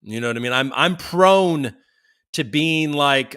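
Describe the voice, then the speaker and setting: A man's voice: on the high side, animated, unhurried, bright, forceful tone, smooth. A man hosting a casual livestream, chatting loosely and reading viewer comments aloud as they come in, with the odd swear. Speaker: livestream host.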